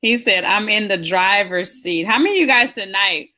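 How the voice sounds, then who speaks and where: A woman's voice: medium pitch, moderate pace, bright, forceful tone. A woman hosting a live call, speaking upbeat to her audience.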